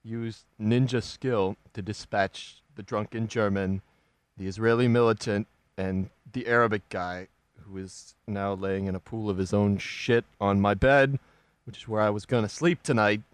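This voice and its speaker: A man's voice: on the low side, steady tone, moderate pace, smooth, no room sound. A male radio host talking casually, exasperated and swearing a lot. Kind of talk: casual profane radio chat.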